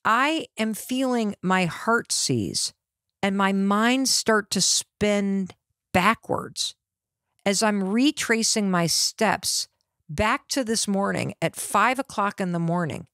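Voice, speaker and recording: A middle-aged woman hosting a podcast, telling a personal story in an animated, dramatic way. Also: mid-range voice, takes it slowly, smooth, no room sound, clean studio sound. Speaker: podcast host.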